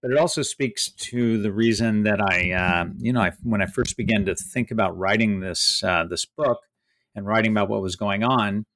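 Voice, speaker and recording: A man's voice: lowish voice, normal speed, fairly bright tone, no echo. A male author reading a passage from his book, then talking about it with many hesitant fillers.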